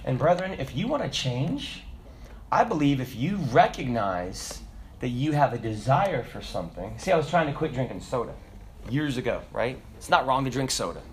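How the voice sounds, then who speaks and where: A man preaching a sermon, telling stories with laughter in an animated, lively way. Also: mid-range voice, moderate pace, slight background noise. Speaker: pastor.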